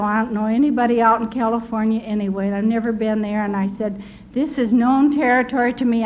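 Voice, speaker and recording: An older American woman earnestly recounting personal wartime memories in a tender, animated storytelling manner, with a slightly dull recording and faint hiss. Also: on the high side. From United States. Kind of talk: personal testimony.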